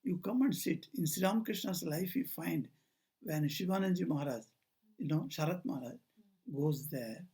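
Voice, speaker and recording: High, gravelly older man giving a talk. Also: normal speed, mellow. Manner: storytelling, acts out quoted dialogue, digressive. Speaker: monk giving a spiritual talk. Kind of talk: informal spiritual talk with stories. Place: talk at a society house, indoors.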